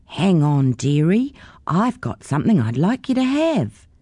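A woman's voice: on the low side, sing-song, measured pace, slightly rough, dry recording, exaggerated voice. A woman voicing a friendly elderly man with a bad leg, speaking kindly to a child. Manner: friendly, warm-hearted.

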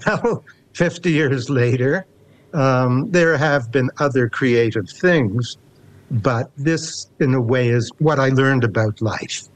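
An older man with a Canadian accent, in his seventies, talks in an unhurried, reflective way with a dry, wry edge. He speaks as a poet being interviewed and reads his own verse aloud. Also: mid-range voice. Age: 70s. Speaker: poet guest. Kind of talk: casual interview and poetry reading.

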